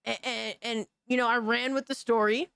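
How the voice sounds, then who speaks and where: A woman's voice: a little high, steady tone, moderate pace, vocal fry, fairly bright tone, smooth, no echo. Laughing, profane woman streamer. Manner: loose and profane, laughing often, calling people brother and dog. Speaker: streamer hosting a gaming news show. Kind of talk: casual live-stream chat reacting to news.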